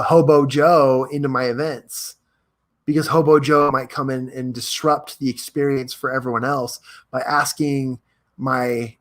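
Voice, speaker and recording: A young man hosting a live stream, talking in an energetic, chatty way, reading viewer comments aloud and giving motivational advice. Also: a little high. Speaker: host.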